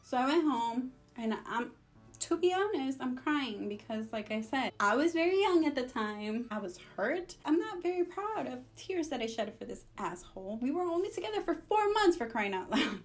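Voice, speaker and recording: Sassy high-voiced woman. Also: moderate pace, soft background music. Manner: sassy, animated, switches between English and Spanish. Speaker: vlogger. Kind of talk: storytime vlog.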